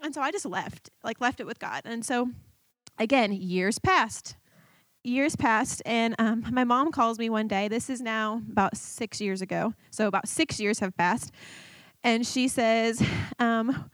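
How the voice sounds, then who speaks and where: A woman in her thirties gives a personal testimony in front of her church. Her voice sits a little high and she speaks haltingly, circling back and restarting her sentences. The recording is dry and close, with no room sound. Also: a bit bright, no echo. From Michigan. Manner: halting, many fillers and restarts, emotional. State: tearful. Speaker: church member giving testimony.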